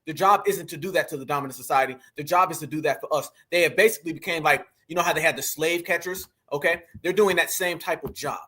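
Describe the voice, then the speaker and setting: Barely pausing, a fast-talking man with a sharp, husky voice on the high side hosts a commentary show. He reacts to clips and addresses his viewers emphatically as family, repeating phrases as he goes.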